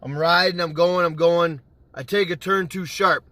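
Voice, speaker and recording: A man with a high, bright voice spins a casual story to his viewers, animated and swearing freely as he acts out his own past lines. The sound is close and dry, with no room around it. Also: moderate pace, dry recording. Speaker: gaming YouTuber.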